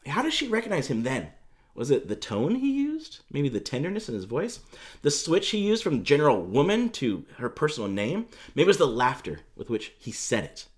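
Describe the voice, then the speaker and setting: A man's voice: on the high side, wildly swooping pitch, normal speed. A man preaching a sermon as pastor, telling the story in a conversational, emphatic way with casual fillers.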